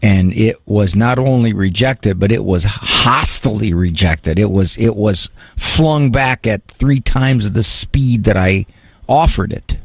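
Gravelly, frank male advice host. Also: fairly low pitch, slow, no echo. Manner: frank, counseling, emphatic. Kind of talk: call-in advice talk.

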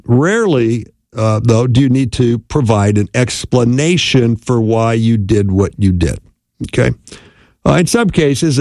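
A man's voice: medium pitch, gravelly, darkish tone, no echo, clean studio sound. A man giving a conversational teaching talk, laying out steps and acting out example phrases while checking in with frequent "right?" and "okay?". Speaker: speaker on marriage.

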